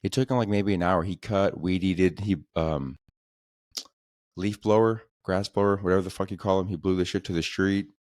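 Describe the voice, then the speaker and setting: A man's voice: sits low, steady tone, moderate pace, a little mellow, dry recording, studio quality. A man hosting a podcast, telling comedic stories in a casual, profane, slangy way that keeps coming back to "dude". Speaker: podcast host.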